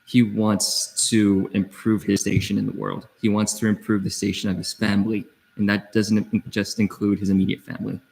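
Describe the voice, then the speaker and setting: A young man speaking as a student senator in debate, earnest and halting with restarts. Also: lowish voice, flat delivery, gravelly, a little mellow, rough recording. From part Filipino. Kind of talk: speech in debate.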